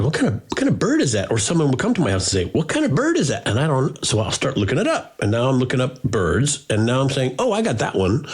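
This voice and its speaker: A man co-hosting a podcast, telling animated stories with mock indignation. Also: mid-range voice, breathy edge. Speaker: podcast co-host. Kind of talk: casual chat.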